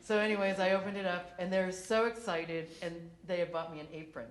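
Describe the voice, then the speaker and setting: A woman with a fairly low voice talks a little fast in a roomy-sounding conference hall. Seated on a discussion panel, she recounts work anecdotes animatedly, laughter running through her telling.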